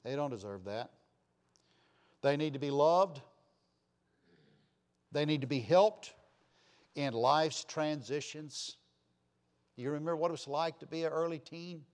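A man delivers an impassioned sermon in a slightly high voice. He swings from loud, emphatic declarations down to quiet asides and keeps turning to his listeners with rhetorical questions. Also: measured pace, long pauses.

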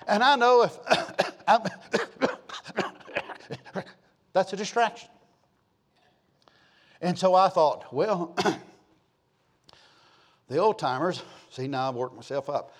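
Middle-aged male pastor, folksy and emphatic, a touch high-pitched. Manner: folksy storytelling, rising to emphatic preaching. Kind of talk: sermon.

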